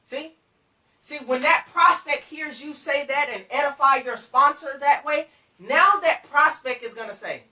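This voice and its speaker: A bright, forceful coaching voice that drives each point home, repeating and speaking straight to the audience. The voice sits back from the mic, and the room around it rings with echo. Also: sits high, moderate pace, recorded from a distance. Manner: emphatic, repetitive, coaching directly to listeners. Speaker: business trainer. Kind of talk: motivational sales coaching.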